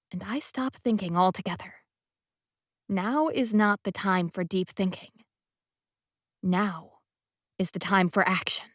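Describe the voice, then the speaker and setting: A woman narrating a first-person romance audiobook in a soft, intimate and often whispery voice. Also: mid-range voice, no room sound, studio quality.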